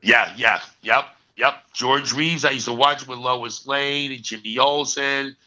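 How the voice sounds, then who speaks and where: Bright-voiced older man telling a story. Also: medium pitch, a little slow. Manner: animated raconteur, punches lines with "okay". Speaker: actor guest. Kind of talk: storytelling in a casual interview. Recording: dull lo-fi recording.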